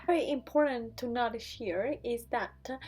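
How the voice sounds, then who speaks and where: Woman hosting an explainer, kinda high voice, lots of uhs and ums. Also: unhurried, a little mellow, slightly rough. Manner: hesitant, many fillers and restarts. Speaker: video host. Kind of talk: casual explainer talk.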